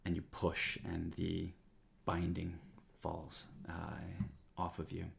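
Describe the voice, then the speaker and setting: A man narrating as game master of a tabletop game, describing scenes with frequent pauses and fillers. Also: low-pitched, monotone, vocal fry. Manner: descriptive, hesitant with many fillers.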